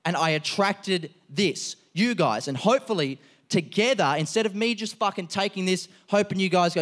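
Profane comedian on stage. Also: male voice, high voice, normal speed. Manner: profane, animated, riffing with the crowd. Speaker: comedian host. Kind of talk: live stand-up talk. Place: live venue before an audience.

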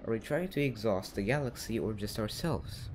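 A man's voice: fairly low pitch, lively intonation, normal speed, slight background noise. A young man giving casual commentary over a game, reading in-game text aloud with joking asides. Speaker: gaming channel host.

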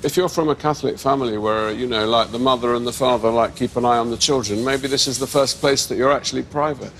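A man's voice: mid-range voice, fast talker, a bit bright, a little hiss or hum, rough recording. A middle-aged man co-hosting a travel show, asking curious questions in casual chat and leaning on "you know". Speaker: co-host and art historian.

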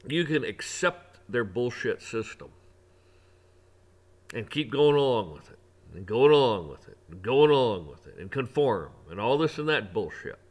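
A man's voice: medium pitch, big pitch swings, normal speed. Preachy man ranting emphatically. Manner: preachy and emphatic, repeats phrases, swears; religious preaching tone. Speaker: online commentator. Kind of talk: ranting opinion monologue.

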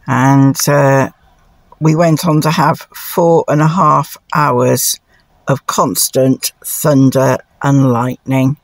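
A travel vlogger narrates her trip in a chatty, relaxed manner, pausing on fillers, and coos to her dogs in high sing-song tones. The recording is dry.

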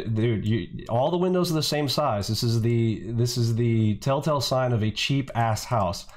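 A man hosting a trading channel, delivering an angry, profane reaction rant that mocks and insults, often tacking on "bro". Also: mid-range voice. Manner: profane, mocking, repeats "bro".

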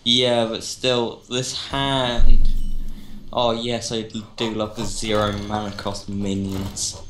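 A man's voice: lowish voice, little pitch movement, slow pace, fairly bright tone, slight background noise. A man playing a card game with a friend, constantly groaning about his bad luck. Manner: groaning, self-pitying complaints. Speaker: guest player. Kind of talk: casual gameplay chat. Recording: roomy sound with game music.

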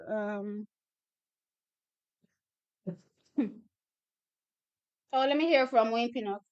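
Woman, Jamaican accent, high-pitched, unhurried, excitable reaction host, emotional exclamations. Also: low-quality recording. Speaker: watch party host. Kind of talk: live-stream sports reaction.

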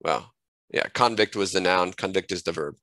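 Halting man giving a software tutorial. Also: low voice, steady tone, no echo, low-quality recording. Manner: halting, self-correcting, thinks aloud while clicking. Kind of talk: screen-recorded software tutorial.

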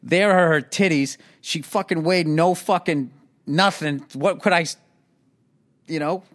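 A middle-aged man hosting a podcast, telling a story in casual chat, animated and heavy on swearing. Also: fairly high pitch, a little slow. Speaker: podcast host.

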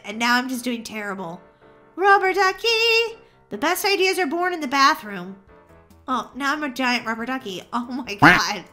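A woman's voice: high voice, pushed and bright. A woman hosting a gaming video, giving silly, playful commentary and singing goofy bits. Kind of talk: gameplay commentary.

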